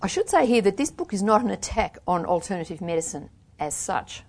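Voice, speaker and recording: An older woman, an author, talking about her novel and reading passages from it with lively emphasis. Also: medium pitch, a little fast. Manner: animated, laughing storyteller, reads with lively emphasis. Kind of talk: author talk and book reading.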